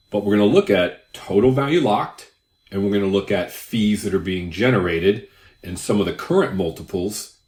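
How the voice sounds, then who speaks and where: An older man with a low, deep voice talks through crypto numbers casually, drifting into asides and stories. His voice rings in a roomy space with noticeable echo. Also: a little mellow. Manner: conversational, rambling asides. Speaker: crypto YouTuber. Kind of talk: casual explainer with anecdotes.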